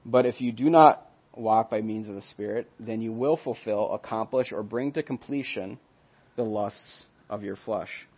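A man teaching a Bible study lesson in an earnest, emphatic way, stressing key words loudly and letting phrases trail off softly. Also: lowish voice, moderate pace, slightly rough. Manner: earnest, emphatic, swings from loud stresses to soft trailing ends. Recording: dull lo-fi recording.

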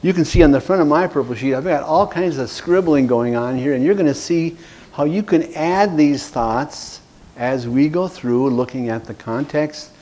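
A man's voice: on the high side, normal speed, a little mellow. A man teaching an evangelism class, earnest and repeating key words for emphasis. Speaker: evangelism trainer.

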